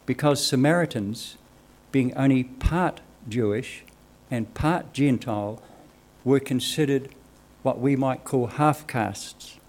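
A man preaching a church sermon, reading Scripture aloud in a measured, earnest way. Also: mid-range voice, a little mellow. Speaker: lay preacher.

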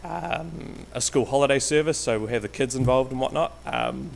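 A guest lay preacher from Canterbury, New Zealand, gives a casual, halting church talk packed with ums and false starts. His mid-range voice is gravelly at a normal pace, with a faint hiss or hum. He speaks into a stage microphone but sometimes wanders away from it.

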